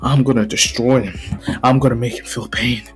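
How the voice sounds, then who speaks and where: A man's voice: medium pitch, steady tone, moderate pace, slightly rough, soft background music. A man voicing a sneering, gloating young male villain in a casual fan story, smug and menacing.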